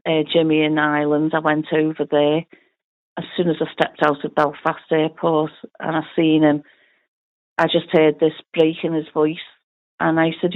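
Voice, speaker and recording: Middle-aged Liverpudlian woman, interviewee, lowish voice, lively storyteller, thin phone-line sound. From Liverpool, England. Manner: chatty, animated retelling with quoted dialogue. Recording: tinny phone-like audio.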